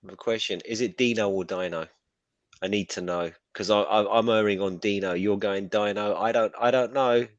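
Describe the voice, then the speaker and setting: Guy rambling on a stream, kinda low voice, dry sound. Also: fairly even intonation, fairly quick, few pauses, no room sound, dull audio. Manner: chatty, self-deprecating, rambling. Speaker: author and regular co-host. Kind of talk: casual live-stream chat.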